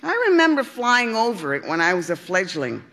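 A woman's voice: fairly low pitch, sing-song, fairly quick, fairly bright tone. A woman voicing a wise elderly duck in a storybook reading, reminiscing. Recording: long hall reverb.

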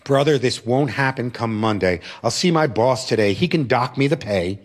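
A man's voice: medium pitch, lively intonation, moderate pace, pitched below the performer's own voice, natural voice. A man voicing an earnest, upset working mother who speaks firmly about her family. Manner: firm, determined.

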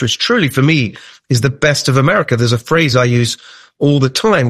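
A man's voice: mid-range voice, no room sound, clean studio sound. A middle-aged British man answering interview questions as a political candidate, chatty and hesitant, with frequent fillers and restarts. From United Kingdom. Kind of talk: radio interview.

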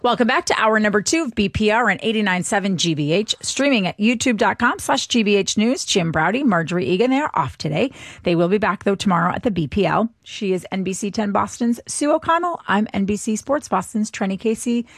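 A woman's voice: medium pitch, lively intonation, fairly quick, no echo, studio quality. A woman co-hosting a radio talk show, chatting casually with plenty of filler words. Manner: breezy, talkative with filler words. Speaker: radio co-host.

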